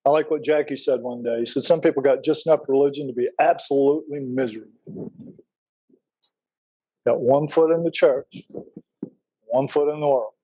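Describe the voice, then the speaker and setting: A man's voice: mid-range voice, moderate pace, pauses often, warm tone, low-quality recording. A middle-aged man teaching a Bible class in a casual, folksy way, telling personal stories and asking the class questions.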